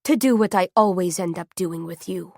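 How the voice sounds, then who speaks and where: Woman doing Death, a deep raspy knight. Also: moderate pace, dry recording, clean studio sound. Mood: calm, patient. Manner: calm, patient, chiding.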